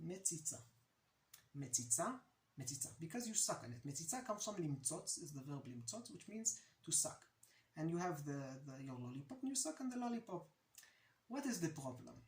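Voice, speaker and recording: A man's voice: a little high, big pitch swings, a little fast, slight background noise. Chatty Israeli man in an echoey room. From Jerusalem, Israel. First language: Hebrew. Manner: chatty, anecdotal, laughs at own stories. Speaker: language teacher. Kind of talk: casual language lesson.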